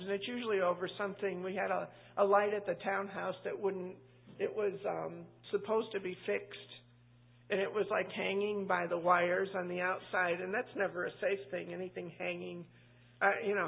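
A woman's voice: mid-range voice, creaky, husky. A woman pastor teaching a Bible study in a chatty, anecdotal way, full of asides. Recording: tinny phone-like line.

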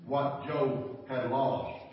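A man's voice: mid-range voice, fairly even intonation, very slow. Man, preacher, folksy storytelling sermon, fervent, far from mic, dull muffled sound. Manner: folksy, chuckling, rising to fervent exhortation. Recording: echoey church hall from far off, dull.

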